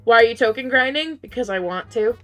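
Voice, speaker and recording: A woman game streamer talks casually to her live chat while she plays, and her fairly high voice sounds strained and worn because she is losing it. She reads viewer messages aloud and often jumps into high, disbelieving exclamations. Soft game music runs quietly underneath. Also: animated, fairly quick. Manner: chatty, reads and answers chat, jumps to high incredulous outbursts.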